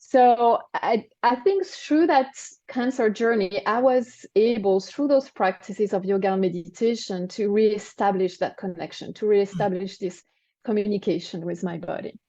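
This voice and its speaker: A woman's voice: mid-range voice, normal speed, dark tone, dry recording, muffled recording. A woman in her forties with a French accent, a guest in an interview, explaining her experience in a reflective way with frequent "right?" and "you know". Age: 40s. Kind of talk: interview conversation.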